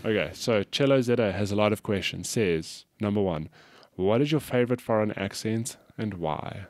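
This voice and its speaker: Man, casual podcast co-host, rambling, chatty, lowish pitch. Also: moderate pace, no room sound, clean studio sound. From South Africa. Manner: chatty, laughs often, rambling. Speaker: podcast co-host reading listener questions. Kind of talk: casual chat.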